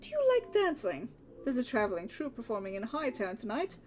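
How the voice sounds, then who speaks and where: A woman's voice: on the high side, big pitch swings, brisk, a little mellow, a little hiss or hum. A woman voicing a sly, flirtatious male monster from a visual novel, silky and languid.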